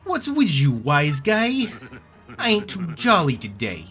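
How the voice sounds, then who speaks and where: Guy voicing a hotheaded young mob thug, snappy tough talk, bright lively voice, faint music. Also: a little high, unhurried, pitched above the performer's own voice, full character voice.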